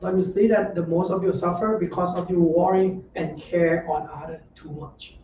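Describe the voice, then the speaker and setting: High, mellow-voiced monk heard from afar. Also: male voice, fairly even intonation, moderate pace, slight background noise. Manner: simple, repetitive phrasing with frequent rhetorical checks; gentle, conversational advice. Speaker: Buddhist monk teacher. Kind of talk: informal dharma talk. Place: meditation center room. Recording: roomy echo, distant dull lo-fi mic.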